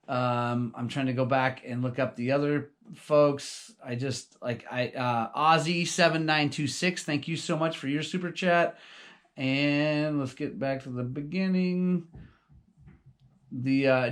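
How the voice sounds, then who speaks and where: A man's voice: mid-range voice, fairly bright tone. A man running a motorcycle shop, talking casually and enthusiastically to the camera, with lots of fillers. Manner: upbeat, enthusiastic, many fillers. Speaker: motorcycle shop owner and vlogger. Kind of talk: casual vlog talk to camera.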